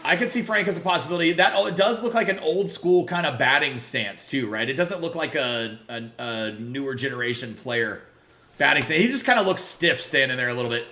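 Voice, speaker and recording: Bright-voiced man chatting on a live stream. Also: mid-range voice, animated, brisk, roomy sound. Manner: chatty, greets viewers and reacts loudly to plays. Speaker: livestream gamer. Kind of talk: casual live-stream chat.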